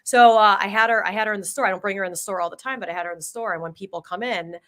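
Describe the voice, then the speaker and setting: A woman co-hosts a podcast and talks in a relaxed, conversational way. Her voice sounds bright and a little tense. She rambles, with restarts, and acts out the story as she tells it. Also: mid-range voice, rapid-fire. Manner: rambling storyteller, animated retelling. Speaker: podcast co-host. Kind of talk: casual chat.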